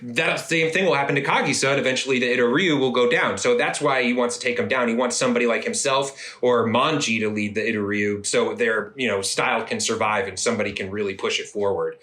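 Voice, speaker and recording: Podcast co-host, male, bright forceful tone, laid-back storyteller, echoey room. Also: mid-range voice, fast, hardly any pauses. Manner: laid-back storytelling, acts out characters' lines. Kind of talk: casual chat recapping anime episodes. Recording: roomy echo.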